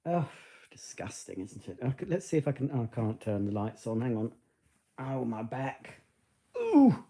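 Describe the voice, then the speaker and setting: A man's voice: medium pitch, moderate pace, dark tone. A man chatting casually on a live stream from home, rambling and talking to his dog in between.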